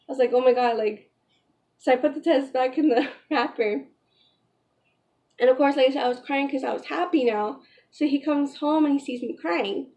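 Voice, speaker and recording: High-voiced young woman telling a story. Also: darkish tone. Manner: chatty, emotional, filler-heavy retelling. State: pregnant. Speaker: vlogger. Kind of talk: casual storytelling vlog.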